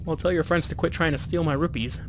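A man voicing a pushy little male rat merchant with fast salesman patter. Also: a little high, soft background music, lightly acted. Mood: grumbling.

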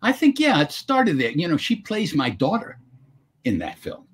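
An older man, a guest actor, speaks at a normal pace in a husky, slightly breathy voice whose pitch rises and falls constantly. Animated and full of anecdotes, he sounds like he's on a video call, telling stories in answer to an interviewer's questions.

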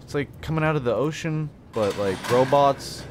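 A man's voice: medium pitch, moderate pace, few pauses, background noise. A man doing gameplay commentary on a horror game, joking to himself and blurting startled exclamations. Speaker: let's play host. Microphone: desk mic with face cam.

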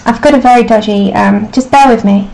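A woman's voice: a little high, brisk, gravelly, mellow, a little hiss or hum. A woman hosting a casual live stream, chatty and apologetic while she fixes her sound. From United Kingdom. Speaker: livestream host.

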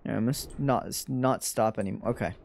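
A young man streams a video game through a desk mic, chatting, mocking himself and exclaiming often as he plays. He talks briskly in a fairly low, darkish voice with vocal fry.

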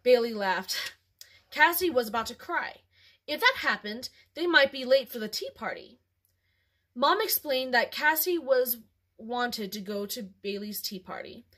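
A woman hosting a home video, chatting casually and then reading a children's story aloud with ums and pauses. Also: on the high side. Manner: animated, with ums and throat clearing.

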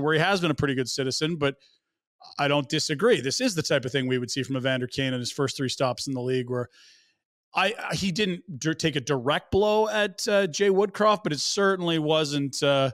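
Man, sports podcast co-host, measured analytical chat, slightly higher voice, dry close sound. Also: fairly bright tone, no echo. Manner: measured and analytical, gives context and stats.

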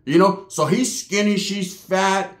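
A man's voice: high-pitched, unhurried. A man telling a slangy, profane comedic story, full of punchy asides. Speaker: comic storyteller. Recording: roomy echo.

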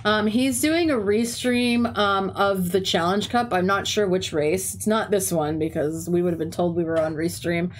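A woman's voice: medium pitch, steady tone, normal speed, hardly any pauses, a little hiss or hum. Chatty young woman with a stuffy nose. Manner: chatty storytelling with frequent "like" and swearing. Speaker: teacher and game streamer. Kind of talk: casual chat while streaming.

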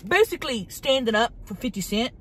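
A woman's voice: a little high, expressive, brisk, fairly bright tone, a little hiss or hum. A woman playing a brash, hot-tempered woman, who rambles profanely and dramatically in a comedic monologue from a parked car. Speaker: vlogger.

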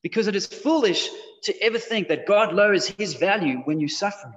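A man's voice: sits high, expressive, brisk, fairly bright tone, slight background noise. A man giving a casual, conversational sermon to teenagers in a church hall. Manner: casual, conversational, with frequent fillers. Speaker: youth preacher. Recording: dull, slightly muffled sound with long hall reverb.

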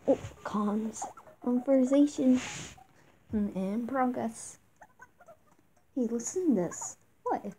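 A woman reading a game's text aloud at a slow, easy pace, with sudden excited outbursts. Her voice sits fairly high and sounds mellow rather than bright. Light game music plays softly under her close-mic commentary. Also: poor audio. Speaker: gameplay video host. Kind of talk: casual let's-play commentary.

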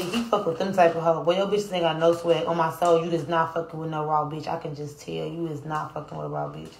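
A woman's voice: sits low, little pitch movement, fairly quick, hardly any pauses, roomy sound, recorded from a distance, slight background noise. A young woman chatting casually on a livestream, brashly roasting commenters with heavy profanity. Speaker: livestream host. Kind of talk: casual livestream chat with viewers.

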